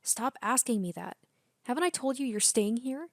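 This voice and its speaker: A woman's voice: on the high side, expressive, moderate pace, dry recording, studio quality, pitched above the performer's own voice. A woman reading aloud the lines of a possessive, imperious young princess girl from a game. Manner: bossy, indignant reading.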